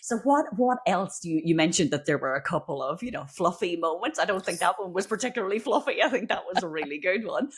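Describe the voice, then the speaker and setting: A woman's voice: fairly low pitch, animated, fast, few pauses, slightly rough. A woman hosting a podcast in casual interview chat, empathetic and often restarting her questions mid-sentence. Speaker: podcast host.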